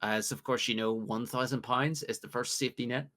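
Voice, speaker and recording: Man, from the UK, casual quiz host, jokey, slow teasing reads. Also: mid-range voice, fairly even intonation, sharp tone. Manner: jokey, reads questions with drawn-out pauses. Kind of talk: casual podcast quiz hosting.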